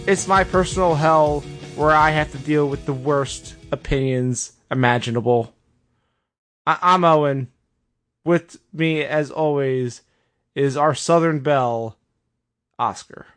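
A man hosting a comedy podcast, talking in an exasperated, mock-outraged, animated way. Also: on the high side, a little slow, faint music behind. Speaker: podcast host.

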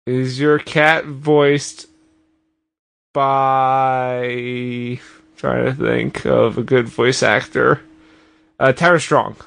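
A male podcast co-host with an ordinary mid-pitched voice. He needles his partner with dry, teasing jokes in casual banter. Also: fairly even intonation, takes it slowly, vocal fry, a bit bright.

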